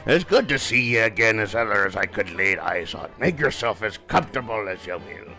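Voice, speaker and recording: A man's voice: on the low side, expressive, brisk, pushed and bright, faint music behind. A man voicing a grumpy old male innkeeper who scolds in a haughty, quavering manner. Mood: fussy welcome. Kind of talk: reading game dialogue aloud in a voice.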